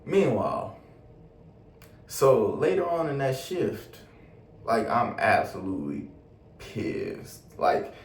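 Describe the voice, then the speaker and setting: A young man telling a casual storytime vlog in slangy, animated talk full of swearing. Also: medium pitch, slow pace, pauses often, recorded from a distance. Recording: roomy echo, a bit off mic, faint ambience.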